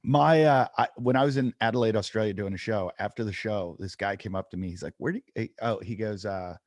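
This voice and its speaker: Casual podcast co-host, male, lowish voice, animated storyteller, dry close sound. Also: fast talker, no echo. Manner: animated storyteller, acts out quotes. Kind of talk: casual chat.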